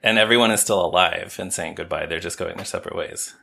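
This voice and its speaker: A man's voice: sits low, quick pace, gravelly, pushed and bright, husky. A man co-hosting a podcast, chatting casually and thinking aloud as he answers. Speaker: podcast co-host.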